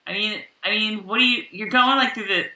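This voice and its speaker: A woman's voice: medium pitch, fast talker, sharp tone, far from the mic. A woman co-hosting a podcast, chatting casually and rambling animatedly about a TV episode. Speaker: podcast co-host. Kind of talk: casual chat recapping a TV episode. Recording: echoey room, set back from the mic.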